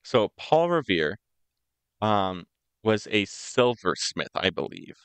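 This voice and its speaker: A man's voice: lowish voice, big pitch swings, slow, fairly bright tone, clear, resonant tone, no room sound. A young man from the United States co-hosting a podcast, telling history in a rambling, joking way. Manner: rambling, joking, puts on voices for quotes. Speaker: podcast co-host. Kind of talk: casual chat, storytelling.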